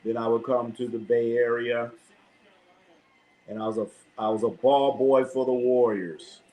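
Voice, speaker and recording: Animated, profane sports-show host man. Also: medium pitch, unhurried, rough recording. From Los Angeles. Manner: animated, profane trash talk. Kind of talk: casual live sports chat.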